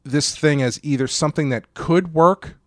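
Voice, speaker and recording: A man's voice: a little high, moderate pace, dry recording, studio quality. A man co-hosting a podcast and discussing a movie casually, with lots of hesitations and restarts. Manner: hesitant, restarts often, laughs easily. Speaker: podcast co-host.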